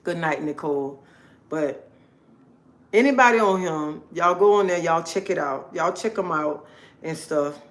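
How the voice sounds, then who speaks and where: A woman's voice: deep voice, unhurried. A woman talking casually to her viewers on a live stream, chatty and emphatic, repeating herself often. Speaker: livestream host.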